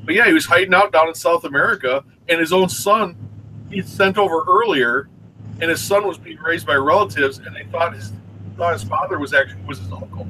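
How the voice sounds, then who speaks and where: A man's voice: on the high side, fairly quick, bright, forceful tone, slight background noise, poor audio. A man co-hosting a casual live chat show, telling stories and going off on history tangents. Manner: storytelling, chatty history tangents. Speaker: co-host.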